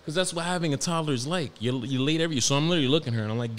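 A young man with a New York accent, hosting a podcast and telling stories about his toddler in a profane, animated, slangy way. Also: on the high side, very fast, music in the background. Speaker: podcast host. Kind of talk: casual storytelling monologue.

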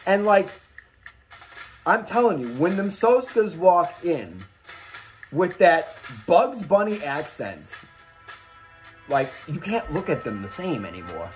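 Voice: medium pitch, very animated, slow, pauses often, soft background music. A horror movie host giving daily picks in a casual, rambling rant full of swearing and tangents.

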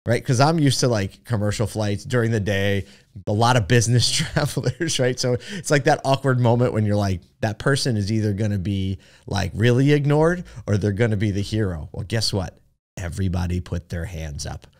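A man's voice: on the low side, moderate pace. A man hosting a podcast, telling a story in a chatty way with many fillers and asides. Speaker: podcast host. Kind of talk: casual storytelling monologue.

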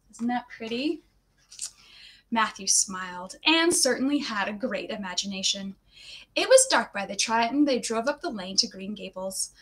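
A woman reading stories aloud to children in a cheerful, animated and expressive way. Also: mid-range voice, moderate pace. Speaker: storyteller for children. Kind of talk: children's read-aloud storytime.

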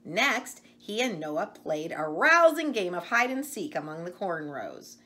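Middle-aged lady reading a kids book aloud, slow and sing-songy, chatting to the kids. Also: lowish voice. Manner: expressive, slow, chats to the listener between pages. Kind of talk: read-aloud storytelling for children.

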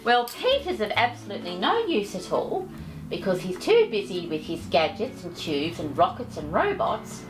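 A woman's voice: medium pitch, sing-song, normal speed, over music. A woman storyteller reading a picture book aloud, doting and chatty, fussing over her pet between pages. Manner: doting, sing-song and chatty.

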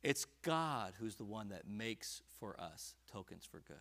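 A man preaching at a church prayer service, reading scripture aloud and rising to loud, fervent emphasis on key lines. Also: fairly low pitch, big pitch swings, measured pace. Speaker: pastor. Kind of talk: sermon. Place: church sanctuary.

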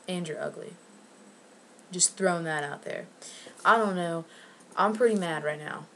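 A woman's voice: lowish voice, a little hiss or hum. A woman vlogger ranting angrily and sarcastically to camera, with plenty of swearing. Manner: angry, profane, sarcastic.

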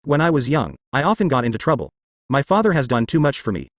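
A man playing a soft-spoken, weary immortal man. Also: medium pitch, very animated, fast, dry recording, highs cut off. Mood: earnest. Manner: soft and earnest.

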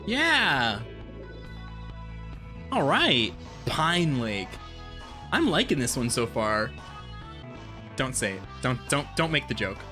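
A game streamer giving casual let's-play commentary, excitable and quick to swear and yelp at sudden scares. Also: mid-range voice, soft background music. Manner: excitable, swears a lot, yelps at jump scares.

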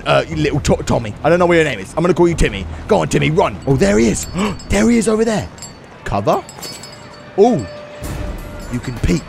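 A man commentating on a video game playthrough in an excitable, exclaiming way. His voice sits high and swings wildly in pitch. Game music plays behind him. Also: gravelly. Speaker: gaming YouTuber. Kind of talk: let's-play commentary.

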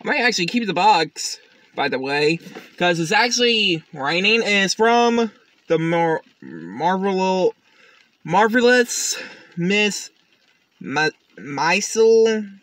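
A man's voice: high voice, very animated, takes it slowly, fairly bright tone, no echo. A tired man chatting casually and rambling as he hosts an unboxing vlog. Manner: chatty, rambling, with restarts and fillers. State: tired, up since early morning. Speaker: YouTube unboxing host.

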